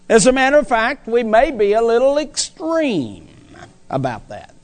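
A man's voice: very high voice, wildly swooping pitch, measured pace. A male preacher delivering a sermon in an emphatic, folksy way, repeating phrases for stress.

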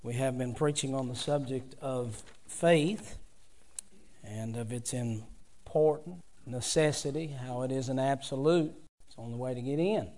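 A man preaching a sermon in a measured, deliberate way, rising to emphatic bursts when he reads scripture aloud. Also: medium pitch, darkish tone.

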